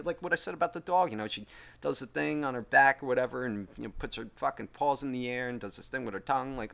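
A man's voice: medium pitch, creaky, a bit bright. Profane, rambling man ranting. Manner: profane, rambling, self-mocking. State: tired after a long day. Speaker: podcast host. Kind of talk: casual ranting monologue.

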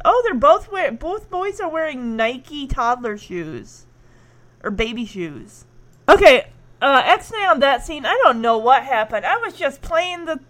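A high-voiced woman chats casually through an episode recap. She giggles often and acts out the characters' lines as she goes. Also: a bit bright.

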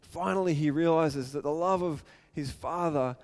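A pastor with a notably high voice preaches earnestly at a moderate pace, his tone a little mellow. He retells the story with feeling, shifting between narration and acted-out quotes.

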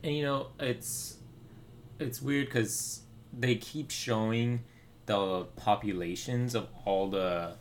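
A man's voice: mid-range voice, takes it slowly, a little hiss or hum. A man casually talking through a movie with a friend, loose and chatty with lots of fillers and asides.

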